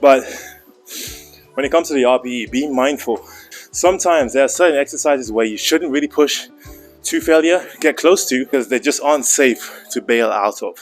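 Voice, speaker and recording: A young man, a little out of breath between lifts, cracks jokes and drops casual coaching tips. His voice sits in an ordinary middle pitch. Faint music plays in the background. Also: normal speed. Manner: joking, chatty coaching asides. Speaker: fitness vlogger. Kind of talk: casual vlog commentary. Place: indoor private gym.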